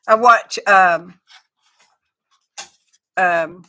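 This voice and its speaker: A woman's voice: mid-range voice, measured pace, pauses often, sharp tone. A woman, chatting casually to viewers while she crafts on a live stream. She is self-deprecating and talks through each step as she works. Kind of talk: casual craft livestream chat.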